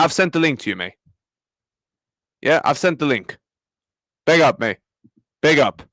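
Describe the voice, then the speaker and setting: Talking to viewers in a heated match reaction rant, a football fan channel host sounds exasperated and slangy and repeats himself. His voice is on the high side with a fairly bright tone, recorded roughly with no echo.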